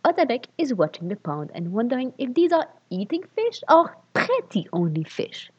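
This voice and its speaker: A woman's voice: fairly high pitch, very animated, moderate pace, darkish tone, husky. A woman reading fan fiction aloud, stopping for sarcastic, sweary asides about the text. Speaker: reader. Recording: dull lo-fi recording.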